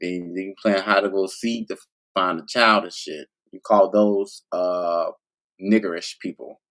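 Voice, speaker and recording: A man's voice: low voice, steady tone, a little slow, fairly bright tone. A man hosting a livestream, talking to his viewers in a loose, rambling, profane casual monologue. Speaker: livestream host.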